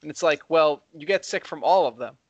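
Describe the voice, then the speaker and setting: A young man co-hosting a heated casual debate, talking fast and getting excited as he argues. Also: on the high side, no room sound, dull audio. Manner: fast, excitable, rising when worked up. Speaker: co-host.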